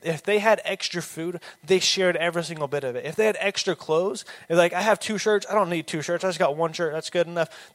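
A young man delivering a sermon in a relaxed, chatty way, leaning on fillers and quick asides. His voice sits a little on the high side for a man. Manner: casual, conversational preaching with many fillers. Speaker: preacher.

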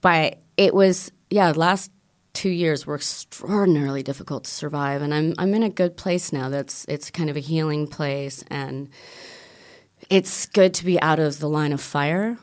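A woman's voice: low-pitched, moderate pace. A woman speaking as an author guest in a casual interview, frank and outspoken, often trailing off and restarting.

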